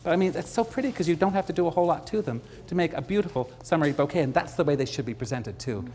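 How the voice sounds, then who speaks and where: A man's voice: fairly high pitch, expressive, rapid-fire, a little mellow, slight background noise. A middle-aged man giving a live floral design demonstration, chatty and joking with his audience. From Canada.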